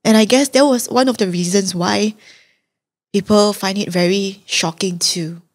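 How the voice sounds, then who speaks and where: A young woman guest on a podcast, telling her story in a candid, reflective, soft-spoken way. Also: medium pitch, a little slow. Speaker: guest, advocate. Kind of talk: interview storytelling.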